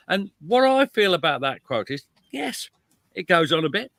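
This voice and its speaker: British male guest historian, animated and chuckly, bright tone, fairly high voice. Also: moderate pace, gravelly, no echo. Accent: British English. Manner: lively, chuckling, self-deprecating asides. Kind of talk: animated conversational storytelling.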